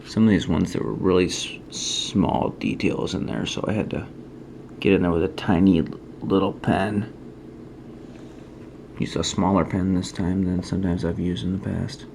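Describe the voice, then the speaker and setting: A man's voice: deep voice, fairly even intonation, normal speed, gravelly, darkish tone, slight background noise. A man who is a trading card artist, showing his work in a casual, rambling way, thinking aloud and criticizing his own choices. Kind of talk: casual show-and-tell.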